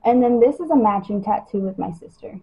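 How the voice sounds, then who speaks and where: A woman's voice: mid-range voice, a little fast, dark tone, slightly rough, rough recording. A young woman chatting casually on a livestream about her skin, talking loosely with lots of "like" and "you know". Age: young adult. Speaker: model livestreaming her skincare routine. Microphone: phone.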